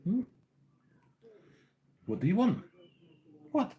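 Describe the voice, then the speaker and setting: A woman's voice: medium pitch, very animated, slow, mellow. A young Scottish woman teasing her cat, sweary, laughing and chatty. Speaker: fly-tying streamer. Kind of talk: casual banter with a cat.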